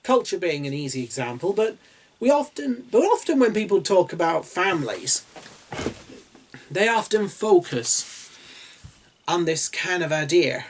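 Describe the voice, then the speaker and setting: Posh english guy talking slow, wandering off into little asides, video essay vibe. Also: high voice, sing-song. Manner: musing, digressive, with asides and chuckles. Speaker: writing channel host.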